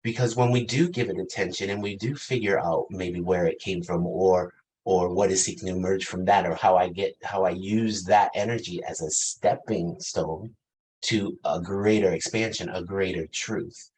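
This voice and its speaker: A man's voice: deep voice, fairly even intonation, normal speed, a little mellow, low-quality recording. A man in his fifties preaching a reflective sermon, asking the congregation questions and laughing lightly between thoughts. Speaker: pastor.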